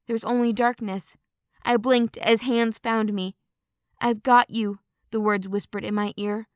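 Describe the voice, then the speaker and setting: Woman audiobook narrator, fairly high, dry close sound, measured first-person read. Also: little pitch movement, no echo.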